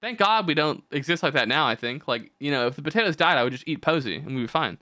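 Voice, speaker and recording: Young male podcast host, animated and profane, dry close mic. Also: fairly high pitch, fast, dry recording. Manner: animated, swearing, rambling storytelling. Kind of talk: casual podcast chat.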